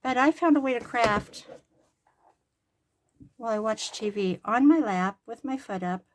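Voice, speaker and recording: This is a crafting vlogger, an older grandmother, chatting as she sews a craft at home. She speaks a little slowly in a fairly high, expressive voice with some hiss or hum, rambling along and making jokes about herself.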